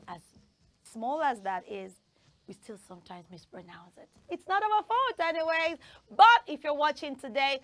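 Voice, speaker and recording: High, bright Nigerian woman hosting kids' TV. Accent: Nigerian English. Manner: upbeat, coaxing, drills words for children to repeat. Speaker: children's TV host. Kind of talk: children's TV pronunciation lesson. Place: TV studio.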